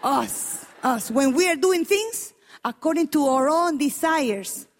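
A woman preacher with a high voice, delivering an emphatic, animated sermon. She questions her listeners directly and exclaims often. Her words ring through a large church hall with a long reverb. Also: slow pace.

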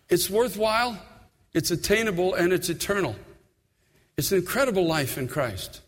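A man's voice: sits high, expressive, normal speed, in a large hall. A man in his sixties, a pastor, preaching an earnest sermon full of personal stories in a church.

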